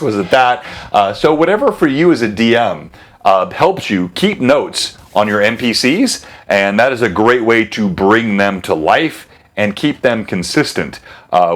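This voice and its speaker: A man hosting a live stream as a game master, chatting casually, interrupting himself and laughing often. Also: fairly low pitch. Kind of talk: casual livestream chat.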